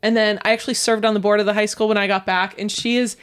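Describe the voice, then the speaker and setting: A middle-aged woman co-hosting a podcast, breaking in with quick teasing asides during casual chat. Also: mid-range voice, little pitch movement, clean tone. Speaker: podcast co-host.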